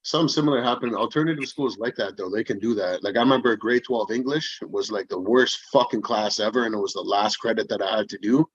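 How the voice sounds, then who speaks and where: A man's voice: fairly low pitch, fast talker, hardly any pauses, dry recording. A man in casual podcast chat, telling blunt, swear-filled stories and calling people bro. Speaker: podcast co-host. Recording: husky dry dull lo-fi mic.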